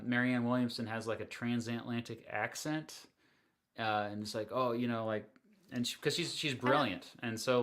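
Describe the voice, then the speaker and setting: A man runs a livestream, talking through viewer questions in a loose, chatty way, full of ums and small laughs. His voice has a bright, forceful edge. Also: medium pitch. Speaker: livestream host. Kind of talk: casual livestream Q&A.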